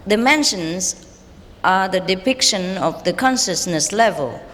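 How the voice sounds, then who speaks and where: A woman's voice: mid-range voice, expressive, measured pace, a bit bright. A woman spiritual teacher giving a lecture and answering questions, playful and informal, laughing often. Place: large hall with audience. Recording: reverberant hall, faint background noise.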